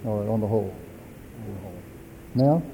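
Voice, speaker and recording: A man moderating a church assembly, giving procedural rulings in a measured way. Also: on the low side, a little hiss or hum. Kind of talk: parliamentary chairing. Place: large assembly hall. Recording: dull lo-fi archival recording.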